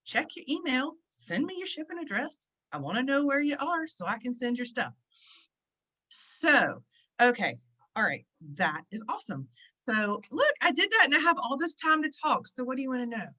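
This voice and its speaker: A woman hosting an online gathering over a video call, chatty and excitable, with lots of fillers. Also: high voice, moderate pace, poor audio. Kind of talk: casual chat. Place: at the beach, indoors.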